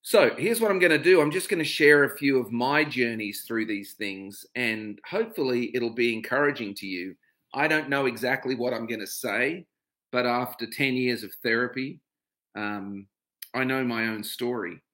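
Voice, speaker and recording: A man's voice: medium pitch, moderate pace, fairly bright tone. A middle-aged man with an Australian accent hosting a casual livestream, greeting viewers by name and talking openly about his own experiences. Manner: chatty, greets viewers by name, turns to a reflective personal talk. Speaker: livestream host. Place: home.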